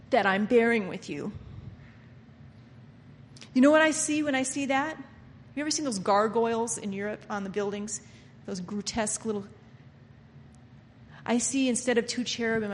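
A woman preaching a sermon, impassioned and emphatic, sometimes dropping to soft murmurs and sometimes mocking people by acting out their inner voices. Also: fairly high pitch. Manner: impassioned, swinging between soft murmurs and loud emphatic lines. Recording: reverberant hall with faint background noise.

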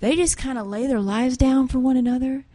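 Woman, preacher, fairly high pitch, tearful, earnest, hushed to loud. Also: fairly even intonation, brisk. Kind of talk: emotional sermon storytelling.

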